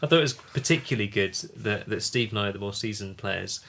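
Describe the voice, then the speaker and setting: A podcast co-host chatting casually about tabletop games. His voice is bright and sharp, and he is earnest and quick to laugh. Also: on the low side, gravelly, slight background noise. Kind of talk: casual chat.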